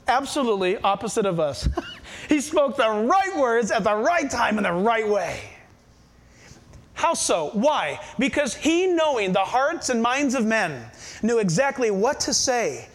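Man preaching, very high voice, middle-aged, rhetorical questions. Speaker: pastor. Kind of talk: sermon.

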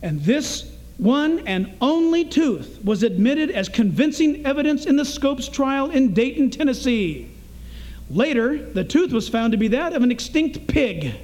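Man, pastor, sermon, high voice, swooping pitch, emphatic, sarcastic asides, rhetorical questions. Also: very animated, measured pace, darkish tone.

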